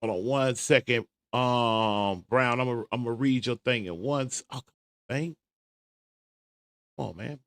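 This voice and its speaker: A man hosting a casual livestream commentary show, with a voice sitting at a middling pitch. He chats his way through stalls, filling the gaps while he hunts for a clip. The sound is dry and close, with no room around it. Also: unhurried, long pauses, a bit bright, no room sound. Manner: talks himself through searching for a clip, chatty and stalling. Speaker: show host.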